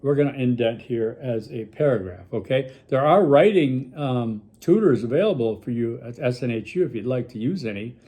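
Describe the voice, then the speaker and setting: A man's voice: mid-range voice, moderate pace, hardly any pauses, warm tone. Guy from milwaukee talking to his class on video, laid back, lots of ums and okays. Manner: casual, rambling, lots of fillers and check-ins. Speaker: college instructor. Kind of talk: recorded video lecture.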